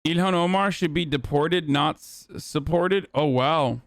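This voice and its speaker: A man's voice: a little high, unhurried, no room sound, studio quality. Sarcastic, profane man streaming. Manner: sarcastic, profane, reads headlines aloud. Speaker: political streamer host. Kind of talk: live stream commentary.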